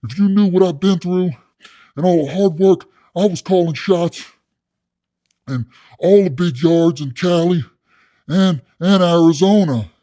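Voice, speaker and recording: A man doing a comic impression of a loud, boastful male prison coach who bosses people around. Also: high voice, measured pace, pauses often, pitched above the performer's own voice. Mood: bossy boasting. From California. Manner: loud, aggressive, boastful, calls others soft boy. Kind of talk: comedic impression.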